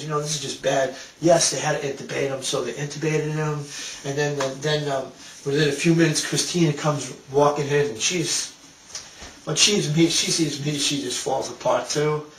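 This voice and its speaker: A man's voice: a little high, a little hiss or hum. Emotional man telling a story, roomy distant sound. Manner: emotional, halting retelling with repeated restarts. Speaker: speaker telling a personal story. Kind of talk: personal storytelling talk.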